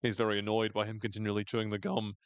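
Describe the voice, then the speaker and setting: Very fast and clean-toned, this fairly low male voice barely moves in pitch, and there's no room sound. As a podcast co-host, he recaps a show in jokey, casual chat, frequently mimicking characters in raised voices.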